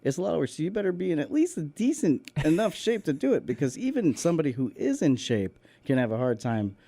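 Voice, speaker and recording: An easygoing man co-hosting a casual radio chat, his voice mellow and soft-edged. He laughs easily and talks things through plainly, recorded dry and close in a studio. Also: a little high, very animated, fairly quick, no room sound. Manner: easygoing, laughs often, gives practical advice. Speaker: co-host.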